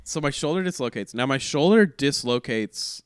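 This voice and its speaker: The man speaks in a smooth, clear voice that sits at an ordinary pitch. He tells his story casually, in a rambling way, and keeps restarting his sentences. The sound is close and dry, with no room around it. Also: lively intonation, moderate pace, no room sound. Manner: rambling, self-correcting, laughing through the story. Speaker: comedian guest.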